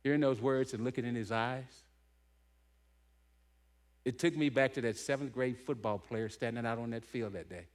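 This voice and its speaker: A man's voice: mid-range voice, normal speed, pauses often. A middle-aged man giving a heartfelt storytelling talk as a keynote speaker, punctuating points with "right?". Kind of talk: emotional storytelling talk to a men's gathering.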